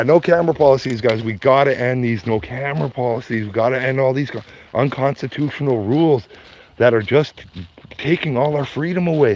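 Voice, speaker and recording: A man's voice: mid-range voice, a little mellow, dull audio. A man live-streaming to his viewers, ranting heatedly and profanely, repeating himself as he walks outdoors by his garden. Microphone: phone.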